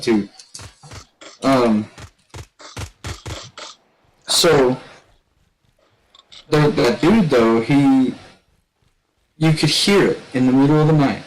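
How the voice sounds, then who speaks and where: A man telling a long story in casual chat. He rambles and restarts a lot, and shouts when he quotes other people. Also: medium pitch, a little slow, long pauses, poor audio. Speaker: gaming streamer telling a story.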